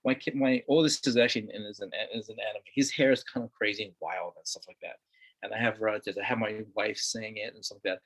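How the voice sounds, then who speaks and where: A man's voice: on the low side, steady tone, fast, fairly bright tone. Man, middle-aged, from Hawaii, interview guest, casual, earnest, repeats words. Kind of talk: casual conversation.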